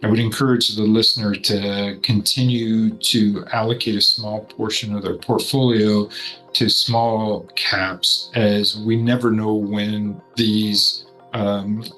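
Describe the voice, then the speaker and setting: A man working as a portfolio manager, giving measured, explanatory investment commentary. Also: fairly low pitch, flat delivery, a bit bright, faint music behind, low-quality recording.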